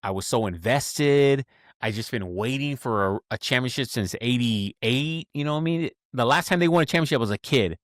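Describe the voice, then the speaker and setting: A man in his forties telling stories in a casual podcast chat, animated and saying "bro" often. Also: medium pitch, moderate pace, no room sound, studio quality. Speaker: podcast host.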